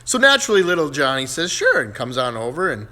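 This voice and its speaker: A man telling jokes in a casual way, animated, laughing at his own punchlines. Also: mid-range voice, fast, slight background noise. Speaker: joke teller.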